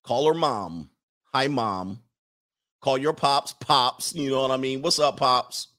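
A man's voice: mid-range voice, animated, slow pace, fairly bright tone. An American man ranting casually and comically to his stream viewers, preaching and reading out their comments. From United States. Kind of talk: casual comedic rant to viewers.

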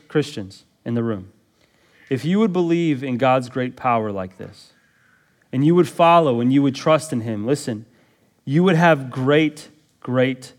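A man preaching a sermon as pastor, emphatic and often prompting the congregation with "listen" and "okay". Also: medium pitch. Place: church sanctuary.

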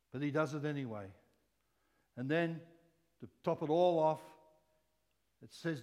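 A man preaching a sermon in an animated way, moving between loud exclamations and quiet, soft asides. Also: mid-range voice. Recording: long hall reverb.

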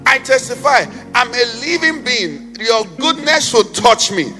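A man preaching and leading prayer in church, with a passionate sing-song delivery that rises to shouts and falls to a hush. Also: very high voice, very animated, measured pace. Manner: impassioned, sing-song cadence, swells to shouts then drops to hushed prayer. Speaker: pastor. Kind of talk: sermon and led prayer. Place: church sanctuary. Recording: reverberant church hall with faint music.

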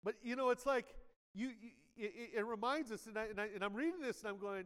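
A man's voice: high voice, steady tone, quick pace, clean tone. A male pastor preaching a conversational sermon, often asking "amen" and acting out quoted inner voices. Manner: conversational preaching with frequent "amen" and audience check-ins; acts out quoted inner voices with dramatic shifts in loudness. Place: church sanctuary. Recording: live sermon in a large reverberant church hall.

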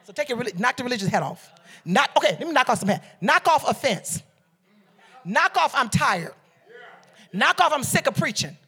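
A woman from Detroit preaching a sermon with call-and-response, swinging from soft teaching to shouted exhortation. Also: fairly high pitch, very animated, normal speed, pauses often, husky. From Detroit, USA. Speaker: preacher and beauty coach. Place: church service.

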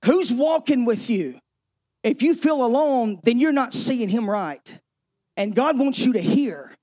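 A man pastor preaching a sermon, emphatic, shifting between driving exhortation and hushed, intimate passages. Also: very high-pitched, expressive, measured pace.

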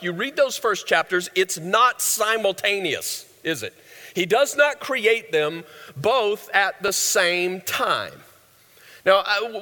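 High, bright-voiced preacher in a reverberant hall. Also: male voice. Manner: conversational, asks the audience questions, jokes. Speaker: pastor. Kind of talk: sermon.

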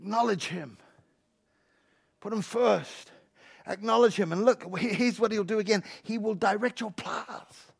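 A high-voiced male pastor with a gravelly edge, preaching to a church congregation. He pushes hard on the big lines, then drops to hushed, playful asides. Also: measured pace. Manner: swings from loud shouting to hushed low asides, jokey and emphatic. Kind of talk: sermon.

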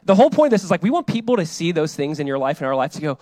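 A male pastor preaching a sermon in a casual, conversational way, playing out the voices in his quotes and dropping to a soft hush when he reflects. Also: on the high side, sing-song, very fast, dry recording.

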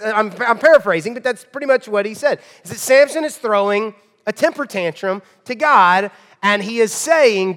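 Brief: male pastor, emphatic conversational sermon, slightly high voice, church hall reverb. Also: expressive, normal speed. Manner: conversational, emphatic, shifts between loud and hushed.

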